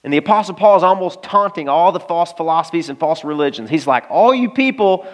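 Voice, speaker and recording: A man from Arkansas preaching a sermon, telling a personal story in a lively, conversational way and speaking straight to his listeners. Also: a little high, a little fast. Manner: animated storytelling, conversational, addresses listeners directly. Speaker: pastor.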